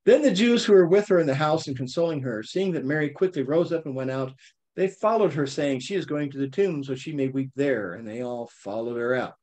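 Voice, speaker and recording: A man leading a casual Bible study, reading verses aloud and explaining them with lively, animated asides. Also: mid-range voice, a little fast. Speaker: Bible teacher. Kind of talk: conversational Bible study teaching.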